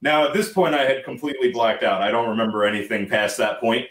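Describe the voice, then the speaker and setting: A man's voice: medium pitch, steady tone, fast talker, a bit bright, reverberant, distant mic. A man, a guest from a band, recounting a story in a casual, rambling way and laughing as he goes.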